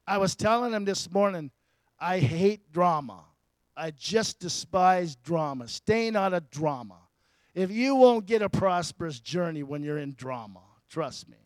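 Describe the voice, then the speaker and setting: High-voiced man preaching casually. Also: dry recording. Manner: conversational preaching, asks the congregation questions, chuckles often. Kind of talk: sermon.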